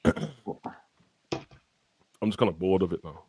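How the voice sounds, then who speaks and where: A man's voice: sits low, fairly even intonation, a little slow, mellow, slight background noise. A man in a casual podcast chat, sounding weary and frustrated and using plenty of slang. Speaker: football fan panelist.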